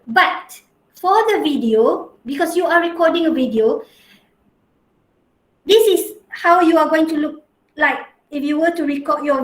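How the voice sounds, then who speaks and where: A woman's voice: high voice, roomy sound, rough recording. A young woman lecturing an online class from her home in a rural area. She is chatty and teasing, wears a headset and often adds a tag "huh?".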